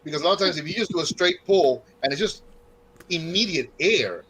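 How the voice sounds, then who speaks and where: A man from North Carolina with a Southern accent, co-hosting a casual cigar chat and telling stories with animated quoted voices. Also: a little high, a little fast, a little hiss or hum, poor audio. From North Carolina, USA.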